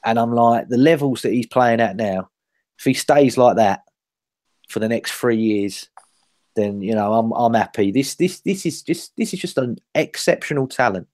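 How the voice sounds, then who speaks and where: A man in a casual football chat, animated and joking as he gushes about players. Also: mid-range voice, normal speed, no echo, clean studio sound. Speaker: podcast co-host.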